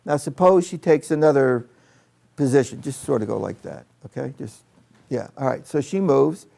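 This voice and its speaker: A man's voice: mid-range voice, normal speed, creaky, mellow. A man training teachers in a live workshop, chatting with his audience and demonstrating with a volunteer in a training room.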